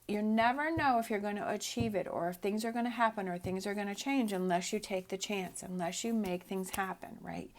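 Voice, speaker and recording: A middle-aged woman giving a casual, upbeat tarot reading, encouraging the listener and often asking "right?". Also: medium pitch. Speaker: tarot reader.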